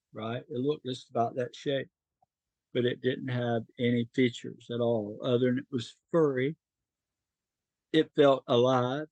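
A man's voice: mid-range voice, a little mellow, breathy edge, no room sound, highs cut off. A middle-aged man from North Carolina, a podcast guest telling his life story in an emotional, earnest way.

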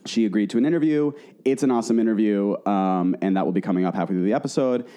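A man co-hosting a podcast in casual chat, chatty and excitable. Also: lowish voice, fast. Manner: chatty, excitable, full of fillers. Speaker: podcast co-host.

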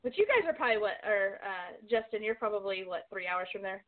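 A woman's voice: mid-range voice, lively intonation, fast talker. A woman podcast guest chatting casually and chiming in. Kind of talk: casual chat. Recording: tinny phone-like line.

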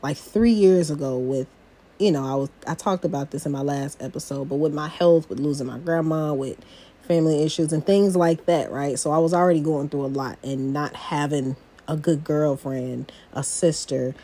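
A woman's voice: deep voice, normal speed, dark tone. A young adult woman hosting a personal podcast, chatty and confiding as she talks straight to her listeners. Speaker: podcast host. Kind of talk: casual personal podcast talk.

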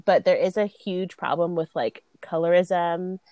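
A woman's voice: lowish voice, measured pace, mellow, no room sound. Chatty woman podcast co-host. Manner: chatty, uses many fillers, laughs along. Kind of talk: casual chat.

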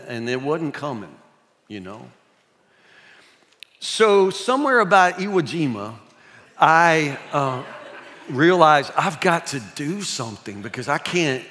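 A man's voice: a little high, fairly bright tone. A man, preaching a sermon in a folksy, self-mocking storytelling way. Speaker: pastor. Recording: long hall reverb.

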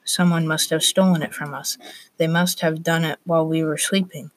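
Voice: medium pitch, level tone, normal speed, close to an everyday voice. A student doing a pleading little boy. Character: seven-year-old boy, youngest, pleading. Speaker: student reader.

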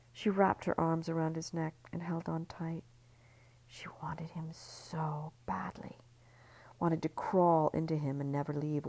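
A woman narrating a serialized story in a hushed, intimate reading. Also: low voice, low-quality recording. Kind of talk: scripted audiobook narration.

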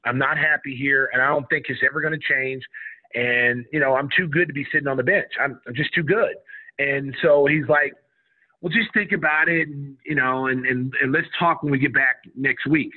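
On a radio show, a middle-aged ex-college basketball player shares a casual story, livening it up by acting out what others said. He has a mid-range voice and a moderate pace, and the radio audio sounds tinny, like a phone.

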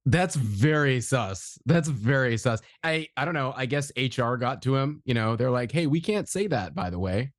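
Man in his thirties, podcast host, mid pitch, dry close sound, easygoing and affirming. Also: moderate pace, few pauses, dry recording. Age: 30s. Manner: easygoing, affirming, laughs often. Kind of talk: casual podcast chat.

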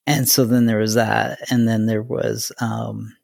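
Gravelly, husky-voiced male podcast host. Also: on the low side, flat delivery, unhurried, darkish tone, dry recording, studio quality. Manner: rambling, enthusiastic, lots of fillers. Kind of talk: casual interview chat.

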